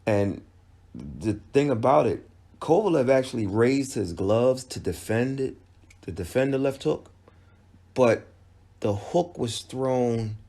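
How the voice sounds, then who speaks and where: With a fairly low, mellow voice, a man hosting a channel gives a casual recap of a boxing fight. He's conversational and emphatic as a commentator, and he often restarts his sentences.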